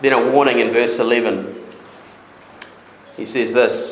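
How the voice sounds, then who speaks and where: A man's voice: mid-range voice, steady tone, a little slow, roomy sound, a little hiss or hum, rough recording. A male preacher giving a sermon, explaining a point plainly and then building to rising, insistent rhetorical questions.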